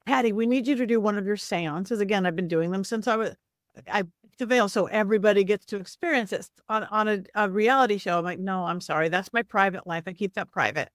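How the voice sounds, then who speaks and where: An expressive woman guest tells her stories in a chatty way and slips into quoted voices as she goes. Her voice sits at an ordinary middle pitch. The recording is close and dry, with no room sound. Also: no room sound. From Southern California. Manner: animated, acts out quoted voices, quick asides. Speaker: psychic medium guest. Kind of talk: casual storytelling interview.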